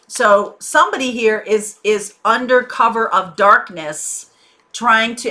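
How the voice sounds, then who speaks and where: A woman's voice: a little high, bright, forceful tone. A woman giving a casual tarot reading, conversational and reassuring, with frequent fillers. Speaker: tarot reader.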